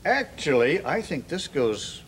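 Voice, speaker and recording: Easygoing man, kids' show host, slightly high, lively pitch. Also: measured pace, noisy background. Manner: cheerful, easygoing. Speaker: children's TV host. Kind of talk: children's TV acting.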